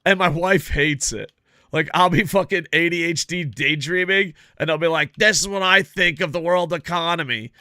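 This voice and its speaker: A man streaming a video game, chatting casually with viewers in a profane, rambling, animated way. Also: on the high side, moderate pace, no echo, clean studio sound. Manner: chats with viewers while playing. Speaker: gaming streamer. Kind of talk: casual live-stream chat over gameplay.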